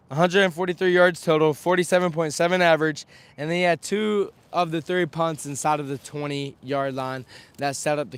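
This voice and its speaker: A young adult sports vlogger with a slightly high, smooth voice, recovering from some scratchiness, gives an energetic live recap outside a stadium on a windy day. He speaks to a camera on a stand, chatty and listing stats.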